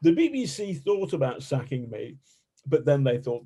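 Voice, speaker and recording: A man, an investigative journalist, telling stories in a colorful, animated way as a podcast guest and swearing freely. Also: mid-range voice, moderate pace, husky. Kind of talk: casual storytelling interview.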